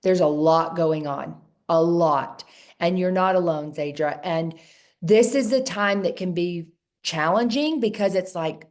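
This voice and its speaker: A woman's voice: on the low side, a little slow, a little mellow. A woman coaching a group of women on a video call, earnest and encouraging, often repeating phrases for emphasis. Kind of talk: casual coaching talk.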